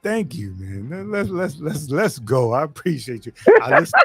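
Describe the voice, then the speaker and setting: A man's voice: a little high, very animated, normal speed, gravelly, a little mellow, faint music behind. Teasing middle-aged man hosting a chat. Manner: playful, teasing, laughs often. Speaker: host. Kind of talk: casual interview chat.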